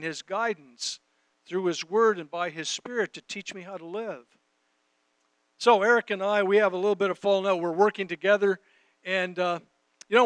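Man, high voice, sermon, conversational teaching, scripture readings, dry close sound. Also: a bit bright, clean tone, no echo. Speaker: preacher.

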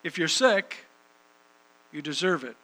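A man's voice: on the high side, animated, unhurried, sharp tone, rough recording. A man preaching a sermon and reading scripture, emphatic, repeating phrases for rhythm.

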